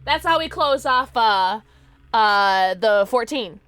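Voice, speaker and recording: A woman's voice: on the high side, lively intonation, takes it slowly, fairly bright tone. A woman streaming a horror game live, chatting to viewers and squealing when startled. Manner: jumpy, squealing when scared, talks to chat. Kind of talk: live gameplay chat.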